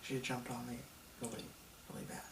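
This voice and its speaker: A man's voice: medium pitch, wildly swooping pitch, a little fast, gravelly, slight background noise. A man in his thirties telling his own story in a reflective, confessional way. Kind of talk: personal testimony vlog. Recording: echoey room, mic at a distance.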